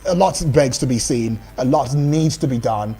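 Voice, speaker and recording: Nigerian radio host guy, husky, calm, lots of "you know"s. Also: mid-range voice. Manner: measured, many fillers. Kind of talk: morning radio phone-in.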